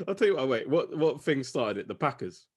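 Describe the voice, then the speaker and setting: Playful man with a lively voice. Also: mid-range voice, fairly quick, husky. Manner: playful, jokey, self-mocking. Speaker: podcast co-host. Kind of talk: casual sports chat.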